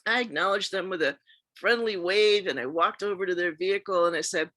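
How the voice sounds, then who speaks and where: A woman's voice: on the low side, brisk, fairly bright tone, dry recording. A woman host reading true stories aloud in a scripted narration, acting out the quoted speech as she goes. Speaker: radio show host.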